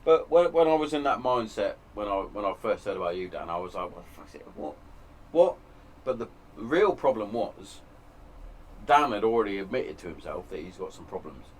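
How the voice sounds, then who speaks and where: A man's voice: fairly low pitch, sing-song, brisk. A man hosting a podcast from his shed, speaking frankly and emotionally about hard times, with plenty of swearing. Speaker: podcast host. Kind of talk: candid casual chat. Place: home shed.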